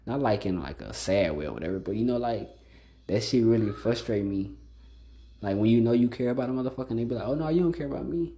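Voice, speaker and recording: A man's voice: on the low side, fast talker, mellow. A man hosting a casual solo podcast monologue, blunt and profane, filling every phrase with "like.". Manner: blunt, profane, repeats "like" constantly. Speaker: podcast host.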